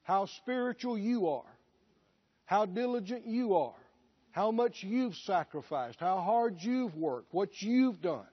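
Emphatic high-voiced male preacher. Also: expressive, slow, husky. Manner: rhetorical questions, emphatic. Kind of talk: sermon. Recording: dull lo-fi recording.

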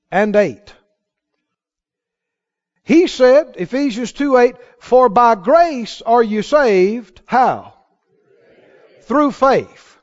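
With a very high voice and lively, swinging pitch, a pastor preaches a sermon and repeatedly asks his congregation questions. The sound of the recording is dull and lo-fi.

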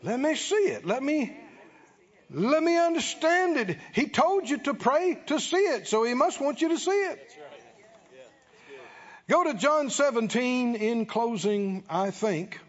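A high-pitched man delivers a sermon at an unhurried pace, his voice rising and falling widely. He exhorts the listeners, fires rhetorical questions at them and slips into prayer. The recording is muffled and lo-fi, with a long echo from a big hall. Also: expressive, fairly bright tone. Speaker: preacher. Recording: dull lo-fi audio with long reverb.

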